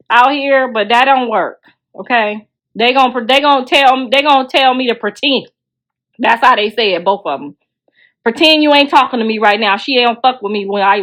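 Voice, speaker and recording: Middle-aged woman, livestream host, blunt profane rant, slightly high voice, phone mic. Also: a bit bright. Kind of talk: ranting livestream chat.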